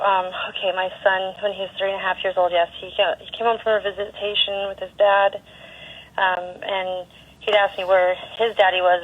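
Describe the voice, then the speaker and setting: Upset woman on a tinny phone line. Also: medium pitch. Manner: halting, upset, restarts often. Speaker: caller. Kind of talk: emotional personal account.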